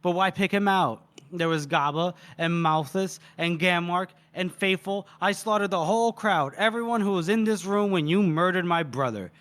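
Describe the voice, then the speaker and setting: A vengeful woman mercenary general spits out fierce, swearing lines, read by a man in his own slightly high voice. The delivery is a plain podcast book reading. It is not a full performance. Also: normal speed, few pauses, a bit bright. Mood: cold.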